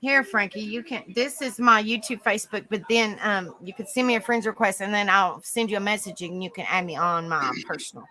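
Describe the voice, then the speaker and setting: A bright, clear-toned woman hosts a casual livestream chat. She is folksy and exclamatory and talks to her viewers as she types. Her pitch sits in the middle of the usual range. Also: brisk, hardly any pauses. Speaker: livestream panel host.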